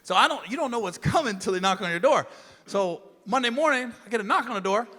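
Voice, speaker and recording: A middle-aged man performing a profane, swaggering stand-up comedy set, acting out shouted quotes, on stage with a handheld mic. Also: very high voice, expressive, fast talker, in a large hall. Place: comedy stage before a live audience. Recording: live room with crowd laughter and noise.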